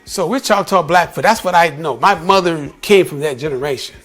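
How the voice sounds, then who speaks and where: A man from the United States speaks in an emphatic, conversational vlog style, circling back over his points and addressing the listener as "bro". His voice sits fairly high for a man. Quiet music plays faintly in the background. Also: fairly quick. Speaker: vlogger. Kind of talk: casual opinion talk to camera.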